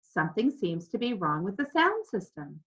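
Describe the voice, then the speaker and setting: A woman doing a kindly, measured pastor. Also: medium pitch, very animated. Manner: warm, measured preaching tone. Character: kindly, composed middle-aged male pastor. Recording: slightly dull lo-fi recording.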